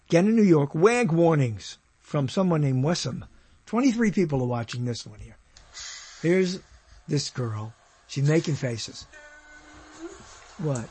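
A man with a husky, fairly high voice that rises and falls a lot as he talks. He thinks aloud in a bemused, off-the-cuff way and reads comments out as he goes. His commentary comes across as casual and curious. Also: a little mellow, dry recording. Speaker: host browsing live streams.

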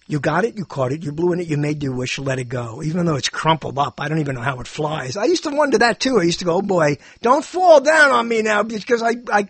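Husky older man musing aloud. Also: fairly high pitch, fairly bright tone, no echo. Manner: musing, meandering, self-interrupting, chuckling. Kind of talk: rambling monologue.

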